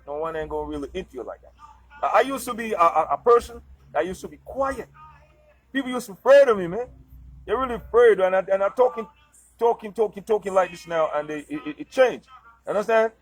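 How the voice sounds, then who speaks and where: A man's voice: sits high, low-quality recording. A man giving casual motivational advice straight to his viewers, in a loose, rambling way, checking in after nearly every point to ask if they understand. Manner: loose, rambling delivery with restarts, breaks into singing. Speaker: vlogger giving life advice. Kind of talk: casual motivational monologue to camera.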